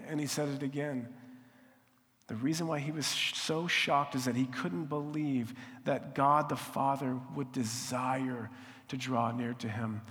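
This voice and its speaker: A man preaching a sermon in an earnest voice, at times dropping to a hushed, prayerful tone. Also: mid-range voice, steady tone, normal speed, big-room sound. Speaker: pastor.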